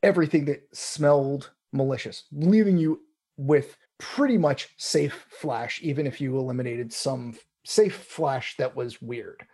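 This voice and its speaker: A man's voice: mid-range voice, measured pace, dark tone, slightly rough. A man hosting a casual tech chat, rambling with restarts and fillers. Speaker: podcast host.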